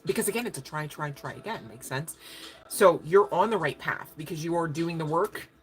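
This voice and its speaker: A woman's voice: low voice, animated, normal speed. A woman giving a casual livestream tarot reading, chatty and profane, laughing often. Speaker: tarot card reader.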